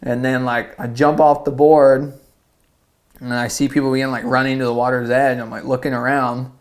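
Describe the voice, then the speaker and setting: A man's voice: medium pitch, flat delivery, moderate pace. A young man from South Carolina, a surfer and podcast guest, telling a story casually and rambling with lots of "like". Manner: rambling, lots of "like", acts out quotes.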